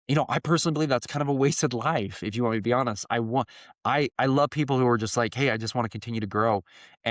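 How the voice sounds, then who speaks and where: A man's voice: mid-range voice, dry recording, clean studio sound. A man in his thirties hosting a podcast in a casual solo monologue, talking earnestly and rambling with many fillers. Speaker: podcast host.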